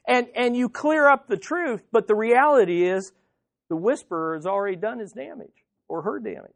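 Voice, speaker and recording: A man's voice: sits high, expressive, normal speed, vocal fry, no room sound. A man preaching an earnest, conversational sermon as pastor, often repeating words as he goes.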